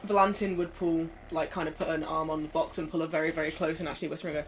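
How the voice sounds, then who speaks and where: A woman's voice: low-pitched, little pitch movement, fast, a little hiss or hum. A woman player at a tabletop game, switching between describing her character and joking exasperation. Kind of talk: tabletop role-play, in and out of character.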